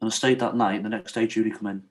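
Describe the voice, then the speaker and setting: A man's voice: lowish voice, fairly even intonation, rapid-fire. A middle-aged man from Wales, a podcast guest telling his personal story in an earnest, confessional way. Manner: earnest, confessional, leans on "yeah" and "I said".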